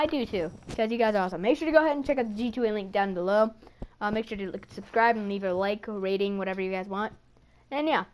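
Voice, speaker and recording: A medium-pitched gaming YouTuber provides chatty, excitable live commentary on a match, talking to enemies on screen and screaming when startled.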